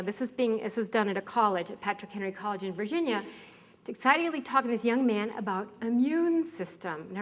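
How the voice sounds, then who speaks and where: A middle-aged woman giving a personal testimonial to an audience in a lively, chatty way, laughing often and throwing questions at her listeners. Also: mid-range voice.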